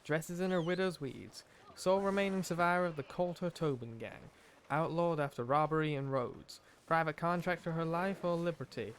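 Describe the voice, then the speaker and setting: A man streaming a game live, reading its text aloud in a put-on accent and talking through what he sees. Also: a little high. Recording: background noise over game audio.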